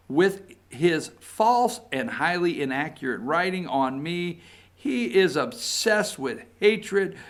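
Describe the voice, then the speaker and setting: A fairly high-pitched man with a Southern US accent talks slowly and takes his time. He hosts a casual political talk show and reads quotes aloud with a folksy, sarcastic edge. His delivery gets animated when he reads the quotes. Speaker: political commentary host.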